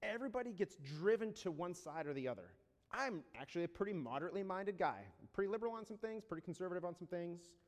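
A man preaching a sermon in a conversational way, often checking in with rhetorical questions and slowing down to read scripture deliberately. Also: sits high, expressive. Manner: reads scripture slowly and deliberately. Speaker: pastor. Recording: long reverb of a large hall.

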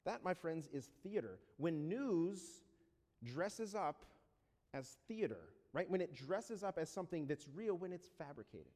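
A man preaching a sermon in a conversational way, often checking in with rhetorical questions and slowing down to read scripture deliberately. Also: fairly high pitch, big pitch swings, darkish tone. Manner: reads scripture slowly and deliberately. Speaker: pastor. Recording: long reverb of a large hall.

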